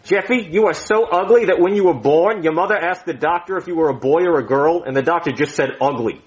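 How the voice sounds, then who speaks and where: A man's voice: a little high, brisk, soft background music. Boastful man playing a blustery therapist. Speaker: comedic therapist character. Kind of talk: comedy skit acting. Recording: dull lo-fi sound.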